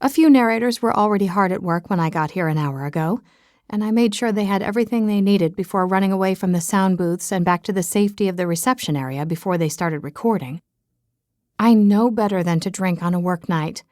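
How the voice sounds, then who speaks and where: A woman's voice: medium pitch, brisk, a little mellow, no room sound, studio quality. A woman narrating a romance audiobook in the first person, chatty and self-mocking.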